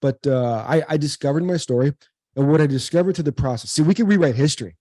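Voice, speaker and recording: Guy in his 40s telling his story for real, kinda dark mellow voice, dry sound. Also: on the high side, quick pace, no room sound. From United States. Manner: earnest, repeats words, acts out quoted dialogue. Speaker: guest, former pro baseball player and speaker. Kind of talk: emotional personal storytelling in an interview.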